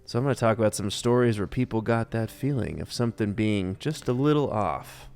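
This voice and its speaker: A man's voice: on the low side, brisk, darkish tone, smooth, in a large hall, faint music behind. A man co-hosting a podcast, joking and bantering casually with his co-host. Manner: joking, playful, laughs easily.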